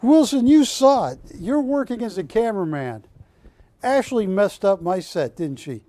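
A man's voice: sits high, animated, unhurried, dark tone, no echo. A man hosting a live shopping channel, joking with the crew and counting prices down. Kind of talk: live TV sales pitch and banter.

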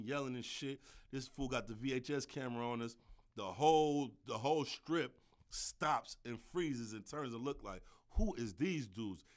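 Bay dude telling a story on his podcast, slangy, lots of "you feel me". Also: mid-range voice. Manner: animated, slangy, frequent "you dig" and "you feel me" asides. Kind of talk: casual storytelling monologue.

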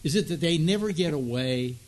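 A man hosting a casual talk show, speaking haltingly with many restarts and posing provocative questions. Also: fairly high pitch, lively intonation. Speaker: host.

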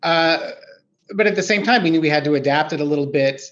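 A man talks through his work in a thoughtful, meandering way, his voice sitting a bit high. The video call audio is dull and lo-fi. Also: quick pace, fairly bright tone. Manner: thoughtful, rambling with fillers. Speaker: writer guest. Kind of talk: conversational interview answer.

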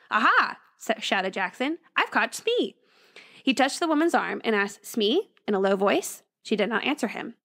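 A woman co-hosting a podcast, casually retelling a ghost story and lifting her voice for the quoted lines. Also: gravelly. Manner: reads story aloud, voices quoted lines with raised pitch. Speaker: podcast co-host.

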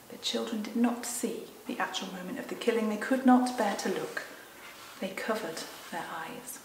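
A woman leading a Sunday school, reading a story aloud to children and then explaining it, mostly gentle and quiet. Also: medium pitch, normal speed, slight background noise. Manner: gentle and mostly quiet, lively in the exciting parts. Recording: roomy echo from a distant mic.

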